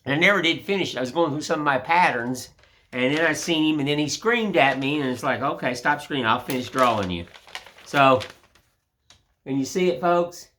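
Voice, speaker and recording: A man's voice: on the high side, brisk, pushed and bright, a little hiss or hum. An older man hosting a woodcarving channel, chatting in a rambling, folksy way while he shows his work. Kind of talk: casual tutorial chat.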